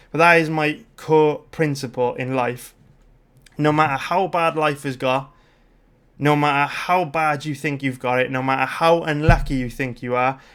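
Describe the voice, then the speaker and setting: A British man in his thirties talks on a livestream in a smooth, clear voice at an ordinary middle pitch. He rambles through his story with lots of fillers, restarts and swearing, in a loose, casual chat. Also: fairly bright tone. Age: 30s. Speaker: livestream host.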